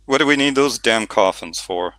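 A man's voice: mid-range voice, expressive, moderate pace, fairly bright tone, no echo, close to an everyday voice. A blunt, weary father, as a man reads him. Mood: dry. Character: weary middle-aged father, gruff.

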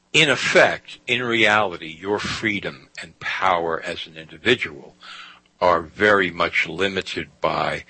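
Male radio host, emphatic monologue, bright tense tone, slightly husky, dry studio sound. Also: low voice, no echo, poor audio. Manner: emphatic, repeats "you see".

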